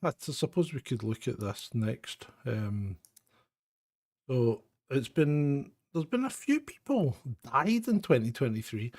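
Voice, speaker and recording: This Scottish host of a live phone-in show chats loosely on a stream, rambling, laughing, and mocking himself. His mid-range voice has a darkish tone, recorded in studio quality without any room sound.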